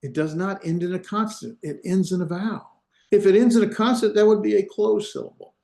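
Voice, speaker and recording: His voice sits high and sounds gravelly yet warm, with fairly even intonation and a fairly quick pace in a reverberant room. He's a Hebrew instructor giving an online class lecture on a video call via computer mic, explaining step by step with plenty of fillers and restarts.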